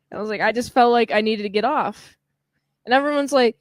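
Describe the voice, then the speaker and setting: A woman co-hosting a podcast, chatting casually about a film and acting out the characters' lines in quick voices. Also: on the high side, no room sound. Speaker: podcast co-host. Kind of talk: casual chat recapping a film.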